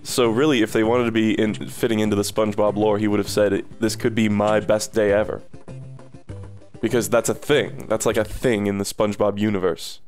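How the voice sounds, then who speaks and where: A man's voice: fairly low pitch, little pitch movement, darkish tone, soft background music. Playful young male game streamer. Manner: playful, sarcastic, quick asides. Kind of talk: casual let's-play commentary.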